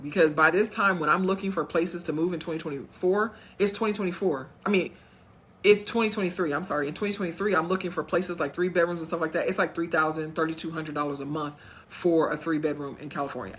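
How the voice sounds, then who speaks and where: In a casual storytime vlog, a woman with a deep, slightly bright voice speaks straight to her audience at home. She recounts a personal story, voicing what others said in quotes, with slight background noise.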